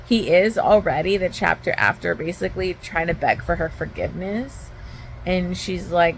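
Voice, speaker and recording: Woman, book vlogger, casual heated retelling, fry in the voice, faint hum behind. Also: fairly low pitch, moderate pace, rough recording. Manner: candid, heated retelling, heavy use of "like". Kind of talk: casual reading vlog. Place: at home.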